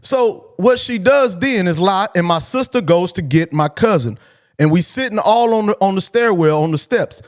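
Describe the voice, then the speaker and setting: High-voiced man telling a blunt story. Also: moderate pace. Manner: profane, blunt and animated. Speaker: podcast host. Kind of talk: casual storytelling.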